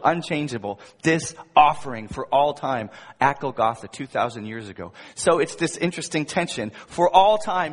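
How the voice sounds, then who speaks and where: A male pastor delivers a sermon with emphatic force, dropping at times to hushed, intimate asides. His voice is slightly husky, and it rings out with a long reverb in a large hall. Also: medium pitch. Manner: emphatic preaching with wide swings between loud emphasis and soft asides.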